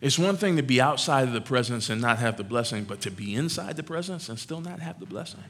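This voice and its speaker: Male preacher, bright tone, animated and conversational sermon delivery. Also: medium pitch, fast talker. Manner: animated, conversational, teasing the congregation.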